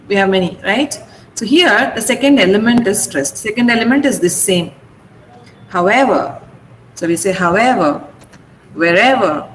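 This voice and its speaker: Slow, careful Indian English teacher. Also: female voice, fairly high pitch, a bit bright. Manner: slow, drills words syllable by syllable, checks with "okay?". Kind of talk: online vocabulary and pronunciation lesson. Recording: echoey room, faint ambient noise.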